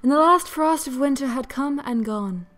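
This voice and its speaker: Breathy dramatic narrating woman. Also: high-pitched, animated, normal speed, a bit bright, soft background music. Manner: breathy, seductive reading voice. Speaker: game co-host.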